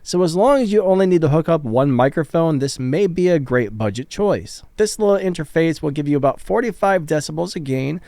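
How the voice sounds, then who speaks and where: A man's voice: a little high, animated, brisk, few pauses, dark tone, dry recording. A man giving a casual, upbeat product review of audio gear, talking into studio microphones. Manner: casual, upbeat, plain-spoken. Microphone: studio condenser and dynamic mics.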